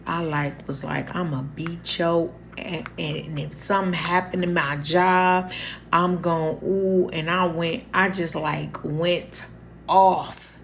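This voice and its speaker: Gravelly-voiced woman telling a candid story. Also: on the low side, takes it slowly, a little hiss or hum. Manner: candid, animated, acts out quoted dialogue. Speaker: storyteller vlogger. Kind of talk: casual storytime monologue.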